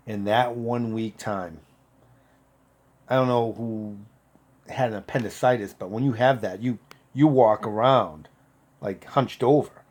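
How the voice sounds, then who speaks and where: A man in his fifties, a former Marine, casually telling a profane story and getting loud when he quotes people. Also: lowish voice, a little slow, long pauses. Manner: profane, animated, loud when quoting others.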